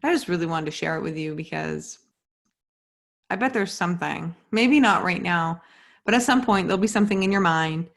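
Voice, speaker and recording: Young woman podcast host, slightly low voice, loose candid chat, swears freely. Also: lively intonation, moderate pace, vocal fry. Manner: chatty, many "like" fillers, candid and swearing. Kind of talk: casual solo podcast monologue. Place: home at night.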